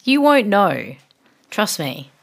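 A woman co-hosting a podcast, teasing and giggly in casual chat, with a breathy voice. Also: mid-range voice, big pitch swings, takes it slowly. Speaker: podcast co-host.

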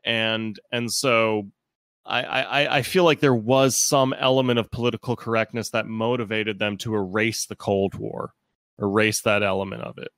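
A man co-hosting a casual podcast, thinking aloud in an animated way with quoted asides. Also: on the low side, normal speed, no echo. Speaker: podcast co-host.

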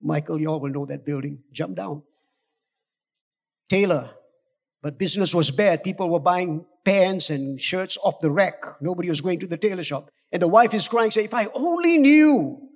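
A high-pitched male pastor preaches with urgency, swinging between coaxing lows and near-shouted peaks. His voice rings through a church hall with a long, lingering reverb. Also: normal speed, vocal fry. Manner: urgent, exhorting, rising to shouts, coaxing the congregation. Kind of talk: sermon.

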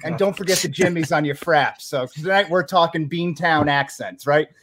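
A man's voice: a little high, moderate pace, a bit bright, slight background noise. A man hosting a casual podcast, joking and asking his guest questions. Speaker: podcast host.

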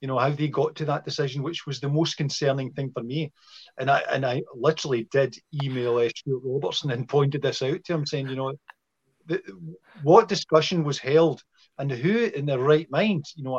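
A man's voice: on the high side, muffled recording. A Scottish man, a podcast guest, arguing his point with passion and repeating words as he builds it. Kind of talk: casual football podcast chat.

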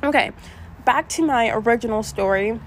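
A woman's voice: a little high, moderate pace, slight background noise. Chatty young woman rambling through a story. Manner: chatty, rambling, frequent asides and restarts. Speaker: vlogger. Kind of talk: casual storytime chat.

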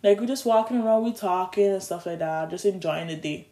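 A young adult, telling a long story in a casual, animated way, with restarts and stumbles, recorded on a phone. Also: medium pitch, brisk, hardly any pauses, reverberant. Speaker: vlogger.

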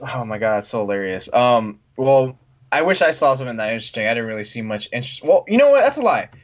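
A man's voice: mid-range voice, sing-song, quick pace. A young man co-hosting a sports podcast, ranting in casual chat and laughing often. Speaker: podcast co-host. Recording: dull lo-fi sound.

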